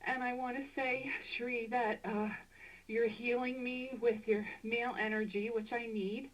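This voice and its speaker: A woman calling in to a radio show, speaking emotionally and gratefully with many hesitant pauses. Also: a little high, fairly even intonation. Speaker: caller. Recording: dull, distant phone line.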